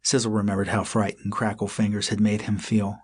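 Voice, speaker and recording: A man narrating a children's audiobook in a measured storytelling manner. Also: on the low side, completely flat delivery, husky.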